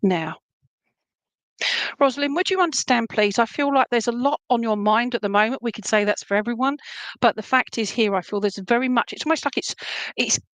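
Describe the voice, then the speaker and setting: A woman's voice: fairly high pitch, fairly quick, fairly bright tone, no echo. Chatty Essex woman with a dry close sound. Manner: chatty, many fillers and restarts, reads viewer comments aloud. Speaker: medium giving live readings. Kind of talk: casual live-stream chat and readings.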